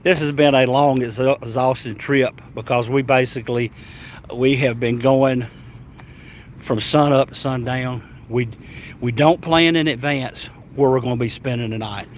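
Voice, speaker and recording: A man's voice: medium pitch, moderate pace, slight background noise. Rambling Southern man telling a story. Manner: animated, rambling, stammering restarts. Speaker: travel vlogger. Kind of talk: casual storytelling.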